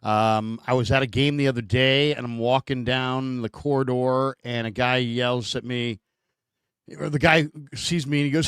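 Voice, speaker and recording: A man from San Francisco hosting a casual sports talk show, telling stories with lively put-on voices. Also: mid-range voice, normal speed, smooth, no echo. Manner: animated storyteller, acts out shouted voices. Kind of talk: casual sports podcast chat.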